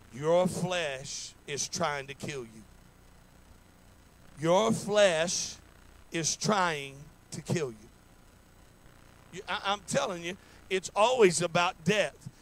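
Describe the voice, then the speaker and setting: A man's voice: high-pitched, a bit bright, a little hiss or hum, poor audio. A man preaching a sermon in a folksy, repetitive way, acting out little stories in quoted voices. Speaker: pastor. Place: church sanctuary.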